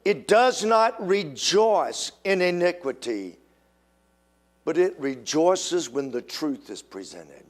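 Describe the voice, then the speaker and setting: An older man preaching a sermon, slow and emphatic, acting out quoted voices with sudden jumps in pitch. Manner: animated, acts out quoted voices.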